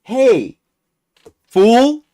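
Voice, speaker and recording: A man doing a bossy guard who yells fool at everyone, pitched up and loud. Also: lively intonation, measured pace. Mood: scolding. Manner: bossy, scolding, high and loud. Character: gruff male guard calling everyone fool.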